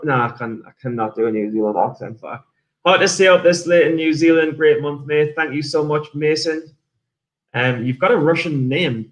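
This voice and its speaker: A man's voice: fairly high pitch, a bit bright. A man from England with an English accent, chatting casually on a livestream about his trades and reading out viewer messages. He rambles, swears freely and often restarts his sentences. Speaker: day trader streamer.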